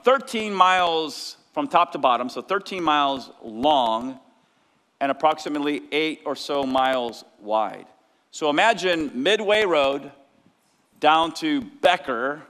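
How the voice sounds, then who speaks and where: A male pastor preaching a lively sermon, sometimes shouting out the lines of the people in his story. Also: fairly high pitch. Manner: energetic preaching, acts out disciples' cries. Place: church sanctuary. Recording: long church hall reverb.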